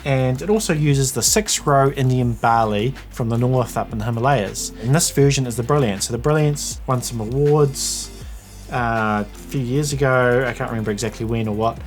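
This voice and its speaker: A man's voice: medium pitch, moderate pace, soft background music. A man giving a casual whisky tasting review, chatting and thinking aloud as he tastes.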